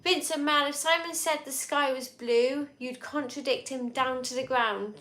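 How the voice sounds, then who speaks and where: Woman co-host, fairly high voice, rambling casual stream chat, roomy echo. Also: normal speed, a bit bright. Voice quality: chatty, rambling, laughs easily. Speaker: co-host of a live drinking stream. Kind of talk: casual live-stream chat reading viewer comments. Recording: echoey room.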